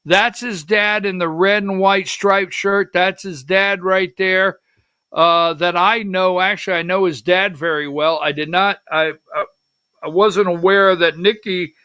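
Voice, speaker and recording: A man's voice: high voice, fairly even intonation, measured pace, pushed and bright, clean tone. A middle-aged man hosting a political livestream talk show. He talks in a rambling, emotional way and calls to the producer for slides.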